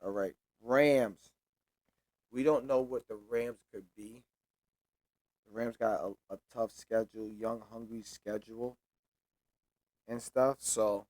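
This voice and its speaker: A man's voice: fairly low pitch, darkish tone, no echo. A young man hosting a sports show, making casual predictions alone, with loose, repetitive trash talk and free swearing.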